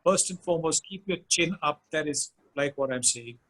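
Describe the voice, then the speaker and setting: Animated older man telling stories. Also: a little high, normal speed, poor audio. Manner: animated anecdotes with many fillers. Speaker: guest speaker. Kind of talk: storytelling in a webinar chat.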